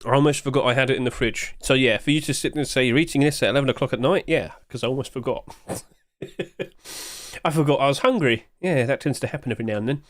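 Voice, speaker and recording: A man's voice: mid-range voice, quick pace, no room sound, clean studio sound. A British man from the UK, streaming from home and chatting casually and jokily with his viewers. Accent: British English. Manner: chatty, jokey, talks to his chat while eating.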